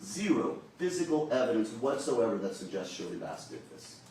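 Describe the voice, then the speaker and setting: Man, trial attorney, urgent jury address, lively rising and falling pitch, very echoey courtroom, distant mic. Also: moderate pace, a little hiss or hum. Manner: emphatic and urgent, pressing the jury. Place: large courtroom.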